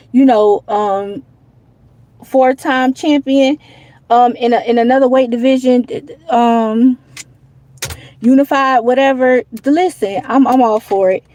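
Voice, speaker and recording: A woman's voice: high voice, mellow, low-quality recording. A woman hosting a live boxing show, talking in a loose, rambling, casual way with lots of "you know what I'm saying". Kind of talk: casual live stream commentary.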